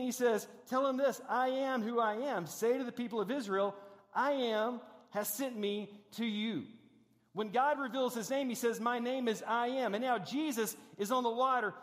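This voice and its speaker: A man preaching a sermon in a high, carrying voice. He moves between lifted, emphatic passages and quiet, hushed stretches. His words ring out with the long reverb of a church sanctuary. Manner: dynamic preaching, drops to hushed tones for emphasis. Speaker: pastor.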